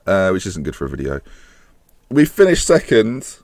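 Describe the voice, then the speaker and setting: A young man commentating on his own game, animated and swearing as he pleads with the screen. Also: mid-range voice, a little slow, long pauses, no room sound. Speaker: gaming YouTuber. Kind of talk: gameplay commentary.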